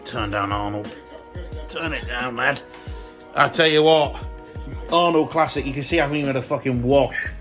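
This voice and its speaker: A man's voice: mid-range voice, moderate pace, long pauses, fairly bright tone, faint music behind. A young British man, a fitness coach, chatting casually and energetically through a day-in-the-life vlog, swearing freely as he goes.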